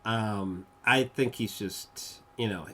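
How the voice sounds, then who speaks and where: A man giving a casual spoken film review, rambling and profane, full of fillers, with bursts of excited gushing. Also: lowish voice, slow pace, a little hiss or hum. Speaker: movie reviewer.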